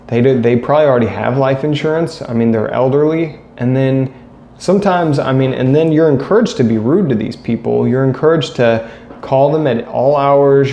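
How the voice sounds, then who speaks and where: A man's voice: mid-range voice, warm tone. A man in a casual, blunt rant to camera, criticizing and repeating his points. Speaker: vlogger. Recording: echoey room with faint ambient noise.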